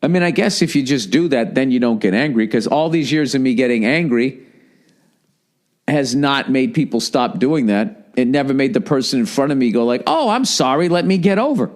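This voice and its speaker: A middle-aged man from the United States hosting a podcast, riffing in a rambling, exasperated comic monologue full of profanity. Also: moderate pace. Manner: frequent profanity, exasperated, mimics people in high voices. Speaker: podcast host.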